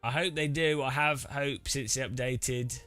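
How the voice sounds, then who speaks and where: A man's voice: mid-range voice, steady tone, a little slow, bright, forceful tone, soft background music. A British man chatting casually while setting up racing gear, rambling with many restarts. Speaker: sim racing streamer.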